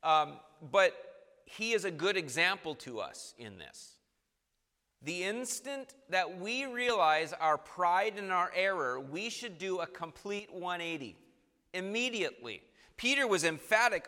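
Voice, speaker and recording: Bright-voiced preacher in a reverberant hall. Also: male voice, high-pitched, very animated, unhurried. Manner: acts out quoted voices, swings between soft and emphatic. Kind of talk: sermon.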